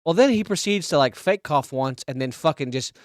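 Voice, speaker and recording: Man, podcast co-host, crude animated storytelling, fairly high voice, dry close sound. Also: brisk, no room sound. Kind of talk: casual storytelling chat.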